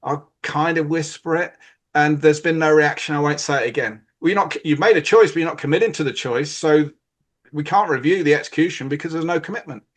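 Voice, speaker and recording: A British man with a fairly high voice talks through coaching and leadership on a podcast. He explains in a casual, conversational way and slips into quick acted-out lines of players and coaches.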